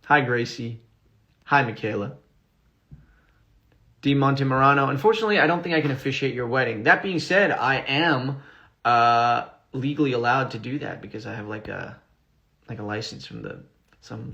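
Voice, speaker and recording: A man answers fan questions on a phone livestream, reading each one out before replying. His voice sits in a middle range with a gravelly fry at the bottom. He talks loosely, with plenty of ums and restarts. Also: mid-range voice, lively intonation, moderate pace, long pauses, pushed and bright, highs cut off. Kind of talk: casual livestream Q&A.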